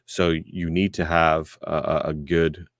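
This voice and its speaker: A man speaking as an interview guest, earnest and measured with frequent hesitations. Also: extremely low pitch, flat delivery, no echo, studio quality. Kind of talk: interview conversation.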